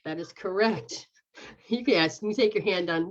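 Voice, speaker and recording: A woman's voice: medium pitch, moderate pace. A woman healer guiding someone through a healing session, repeating a chant-like refrain and speaking directly to them. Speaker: spiritual healer. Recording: dull lo-fi recording.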